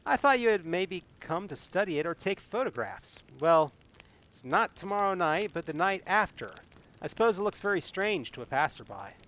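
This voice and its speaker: A man's voice: high-pitched, big pitch swings, moderate pace, a bit bright, pitched above the performer's own voice. A man doing a chatty village landlady.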